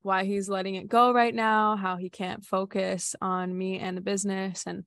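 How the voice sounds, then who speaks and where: A young retreat facilitator tells a personal story candidly and casually, leaning heavily on "like" and swearing casually. Her mid-range voice is creaky and a bit bright, with a flat delivery at a moderate pace, in a dry recording.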